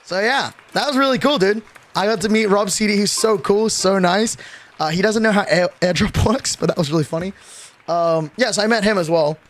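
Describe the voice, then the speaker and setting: Young male streamer, high-pitched, excitable storyteller, casual swearing. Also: brisk. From Australia.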